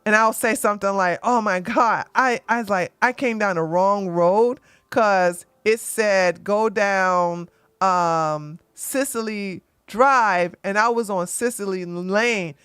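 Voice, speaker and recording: A woman hosting an opinionated commentary show, talking bluntly and emphatically, often tagging points with "okay?" and getting loud when she acts out arguments. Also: mid-range voice, slow pace, clear, resonant tone, no echo. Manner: gets loud and animated when acting out arguments. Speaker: commentary channel host.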